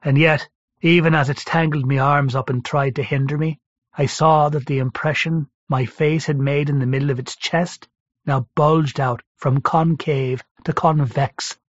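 A man reading a first-person story aloud in a steady, measured way. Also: fairly high pitch, no room sound. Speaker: narrator. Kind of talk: first-person audiobook narration. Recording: dry, slightly dull recording.

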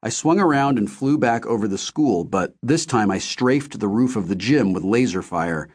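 A man reading a first-person novel aloud in a steady, measured storytelling manner. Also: lowish voice. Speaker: audiobook narrator.

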